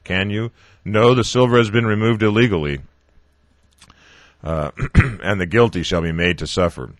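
A man's voice: on the low side, normal speed, no room sound, lightly acted. A man reading aloud as a blustering, threatening colonel who accuses a prisoner of theft. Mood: accusing. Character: angry, blustering male colonel interrogating a prisoner.

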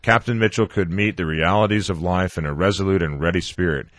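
A man with a deep, slightly bright voice reads a novel on a radio show like an audiobook. His reading is halting, full of stumbles, restarts, filler sounds and corrections, and the recording is dry.

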